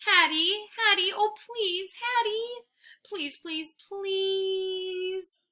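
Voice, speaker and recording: A woman puts on a hungry young pet dog from a storybook, eager and whiny, his voice jumping up high and swooping wildly as he begs. He sounds bright and sharp, drawn-out and pleading. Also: sing-song, full character voice.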